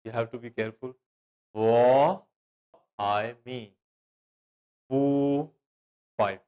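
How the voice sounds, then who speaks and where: Guy from pakistan teaching a class, super slow, says every word twice, spells stuff out. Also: mid-range voice, dark tone, smooth, dull audio. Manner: slow, drilling words with repetition and spelling. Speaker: language teacher. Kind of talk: classroom language lesson.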